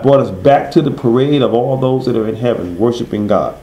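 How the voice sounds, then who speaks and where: A man leads a Bible study, quizzing his class and then answering his own questions. He slows right down to read verses, leaning on each word. His mid-pitched voice rings around an echoey room. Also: mellow. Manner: reads verses slowly and stresses each word. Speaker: Bible teacher.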